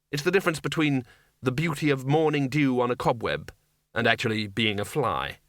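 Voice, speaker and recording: Guy reading a comic fantasy audiobook, wry and dry, bright voice, no room sound. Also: mid-range voice, no echo. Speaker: audiobook narrator. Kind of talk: scripted narration.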